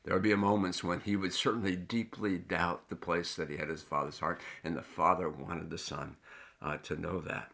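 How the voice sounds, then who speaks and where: A middle-aged man preaches a sermon with earnest, storytelling warmth and lively emphasis. His voice sits somewhat low yet sounds bright and forward. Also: normal speed, gravelly. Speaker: pastor.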